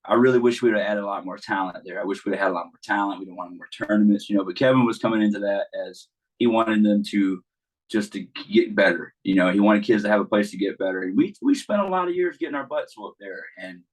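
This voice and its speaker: A man's voice: fairly low pitch, quick pace, low-quality recording. A man, a baseball coach, chatting casually as a guest and telling stories with lots of fillers and restarts. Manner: easygoing storyteller, many restarts and fillers. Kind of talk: casual podcast chat.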